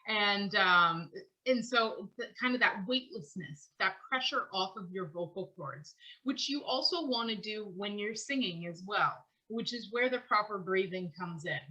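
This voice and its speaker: Bright-voiced chatty woman vocal teacher. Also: medium pitch, measured pace, low-quality recording. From Canada. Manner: chatty, laughs between thoughts, long run-on phrases. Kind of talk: online class lecture.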